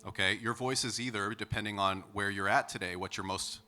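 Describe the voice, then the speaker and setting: A man's voice: on the low side, fairly even intonation, fairly quick, sharp tone. A middle-aged male vocal coach explaining singing technique in an upbeat way, often checking in with "okay?". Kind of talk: singing lesson with sung demonstrations.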